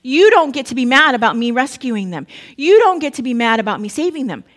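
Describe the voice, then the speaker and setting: God speaks as a stern male deity, plain and matter-of-fact, put on by a woman preaching. The voice sits a little high and stays close to everyday speech. It comes across as a casual sermon retelling rather than grand theatre. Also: sing-song, fairly quick, fairly bright tone. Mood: scolding.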